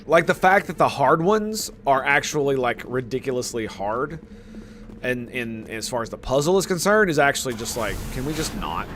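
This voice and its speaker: A man's voice: medium pitch, lively intonation, normal speed, a bit bright, a little hiss or hum. A man in his thirties chatting casually and joking with viewers while playing a video game. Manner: rambling, jokey, talks to viewers. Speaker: gaming streamer. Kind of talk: casual let's-play commentary.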